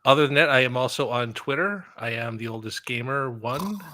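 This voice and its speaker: A man's voice: medium pitch, lively intonation, pushed and bright, slight background noise. A man hurrying earnestly through plugs for his channels as a stream guest. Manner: hurried, earnest plugging. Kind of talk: casual live-stream chat.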